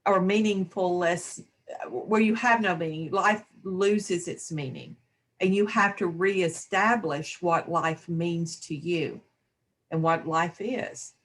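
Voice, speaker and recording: Woman talking slow n thoughtful in a spiritual group chat. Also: on the low side. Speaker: discussion panelist. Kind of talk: reflective spiritual discussion.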